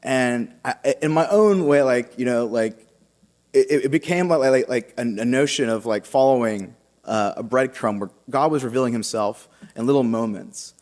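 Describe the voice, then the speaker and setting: A young man speaks to a congregation about his own path, his talk loose and halting, full of fillers and restarts. His middle-pitched voice carries a long reverb from a large church. It sounds like a personal testimony given from the front of the nave. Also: darkish tone. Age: young adult. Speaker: seminarian giving a vocation talk.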